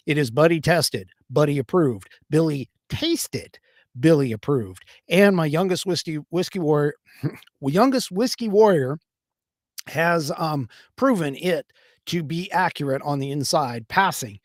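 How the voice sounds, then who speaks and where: A man from the United States hosts a livestream political podcast, talking casually and rambling with lots of fillers and restarts. His fairly high voice moves at a measured pace, recorded in studio quality with no room sound.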